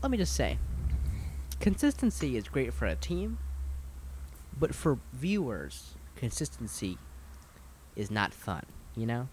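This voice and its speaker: A man chats casually, musing out loud and throwing teasing prompts at his co-host. His pitch swings widely from line to line, giving him an animated, sing-song delivery. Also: measured pace, long pauses, slight background noise. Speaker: podcast co-host. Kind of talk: casual chat about motor racing.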